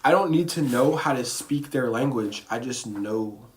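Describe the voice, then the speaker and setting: A man's voice: mid-range voice, lively intonation, moderate pace, slight background noise. A man livestreaming from his bedroom in a casual, rambling monologue, swearing freely, using slang and making little zooming sound effects. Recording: roomy echo.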